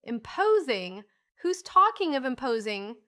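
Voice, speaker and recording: A gruff, impatient old gentleman who barks his words in a bright, brisk tone, as a woman reads him in an audiobook. He is bossy and short with everyone, snapping back whenever anyone talks over him. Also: fairly high pitch. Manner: brusque and impatient.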